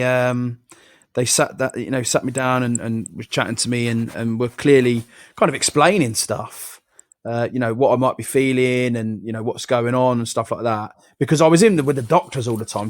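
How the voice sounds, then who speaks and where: A man's voice: medium pitch, a little fast. A man, hosting a casual live chat and telling a personal story with quoted voices and swearing. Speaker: podcast host.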